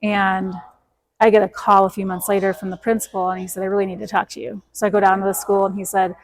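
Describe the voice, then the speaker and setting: A woman speaks quickly and keeps her pitch flat and steady. She is a guest telling her own story with force, and she quotes herself and everyone else as she goes. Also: rough recording. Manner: emphatic, quotes herself and others in dialogue. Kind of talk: storytelling in an interview.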